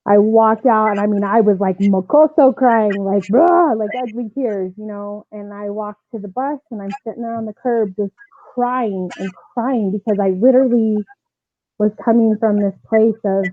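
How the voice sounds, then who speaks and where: A woman softball coach telling her personal story as a podcast guest, earnest and animated, with frequent fillers. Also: medium pitch, normal speed, no echo. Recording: tinny phone-like dry line.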